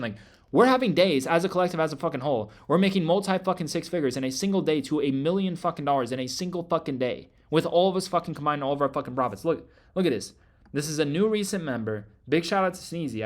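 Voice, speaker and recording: A man hosting a trading group, delivering a hyped promotional rant, loud and emphatic, swearing constantly and repeating himself. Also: on the high side.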